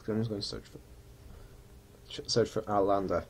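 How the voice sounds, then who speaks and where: A man's voice: on the low side, moderate pace, long pauses, slightly rough. A man giving casual, rambling commentary while playing a flight simulator. He mutters and mocks himself, and now and then slips into mock pilot announcements.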